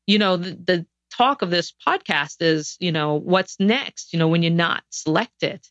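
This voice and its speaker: A woman's voice: lowish voice, lively intonation, measured pace, fairly bright tone, no echo. Earnest woman guest, dull dry sound. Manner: earnest, reflective storytelling with frequent restarts. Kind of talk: podcast interview storytelling.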